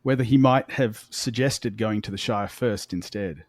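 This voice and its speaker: An Australian man co-hosts a casual book podcast. He reads passages in a measured, even way and chuckles between points. The sound is dry and close. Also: lowish voice, no room sound. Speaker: podcast co-host.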